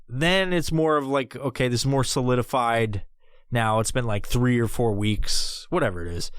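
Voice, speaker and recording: A man's voice: medium pitch, clean tone, no room sound, studio quality. A man in his thirties hosting a podcast, telling a comedic story in a rambling, heavily profane way. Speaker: podcast host.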